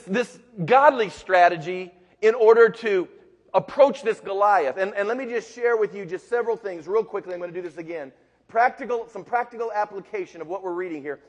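A male pastor preaching a sermon with emphatic, building repetition in a large church sanctuary. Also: sits high. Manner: emphatic and building, with repeated phrases. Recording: long reverb of a large hall.

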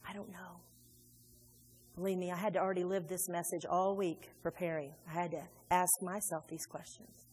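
A woman pastor preaching a sermon in a large church, animated and conversational, acting out little quotes as she goes. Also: lowish voice, normal speed. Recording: reverberant hall with faint music.

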